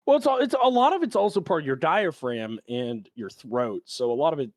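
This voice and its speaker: A stream co-host in casual chat, animated and playful and laughing often. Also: mid-range voice, a little fast, dry recording.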